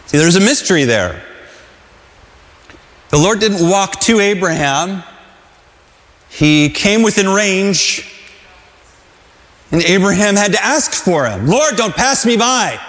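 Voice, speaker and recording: A man's voice: sits high, animated, slow pace, pauses often, a bit bright, big-room sound. A pastor preaching a sermon to a congregation in a loose, conversational way, often restarting his sentences.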